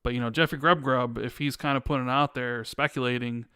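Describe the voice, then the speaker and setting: A man's voice: mid-range voice, fairly even intonation, fast talker, sharp tone, clear, resonant tone, no room sound, studio quality. A man hosting a gaming podcast, asking questions in a hesitant, casual way. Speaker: podcast host. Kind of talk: casual chat.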